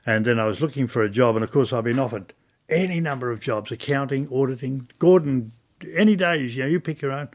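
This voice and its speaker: An older Australian man telling stories in an oral history interview, chatty and animated, acting out old conversations. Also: medium pitch, fairly quick. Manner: chatty storyteller, acts out dialogue.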